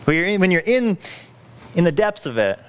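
A man's voice: high-pitched, sing-song, moderate pace, fairly bright tone, smooth. A man preaching a sermon, earnest and pleading, often restarting his phrases as he works through a scripture passage. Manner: earnest, pleading, self-correcting with frequent restarts. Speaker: pastor.

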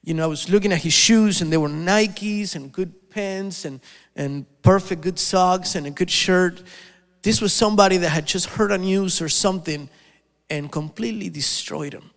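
A man preaching a sermon, telling a story with many halting restarts and repeated words. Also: high voice, creaky, fairly bright tone, in a large hall.

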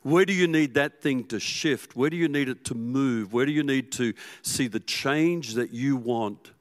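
A man preaching a sermon as pastor, telling the story with animation and swinging from loud to hushed. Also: medium pitch, a little slow.

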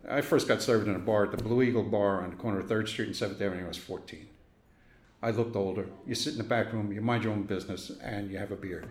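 A man's voice: lowish voice, steady tone, quick pace, echoey room, a little hiss or hum. An older man from Brooklyn recalling his youth in an oral history interview, acting out the voices of people in his stories. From Brooklyn, New York. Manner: storytelling, acts out quoted voices, chuckles.

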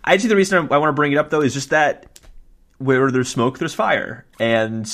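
A man co-hosting a casual gaming podcast, chatty and quick to laugh. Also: mid-range voice. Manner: laughs easily, animated. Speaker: podcast co-host.

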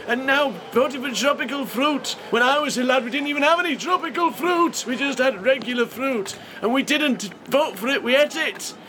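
A blustering old grump complaining about young people, as a man puts him on. The voice sits very high. A loud noise floor runs under it, and the delivery is comic. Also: moderate pace, few pauses. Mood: ranting. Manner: blustering rant.

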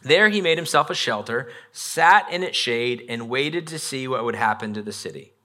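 Bright-voiced male pastor preaching. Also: mid-range voice, lively intonation, normal speed. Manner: conversational preaching, acts out Bible figures and a parent; reads scripture aloud with emphasis. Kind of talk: sermon.

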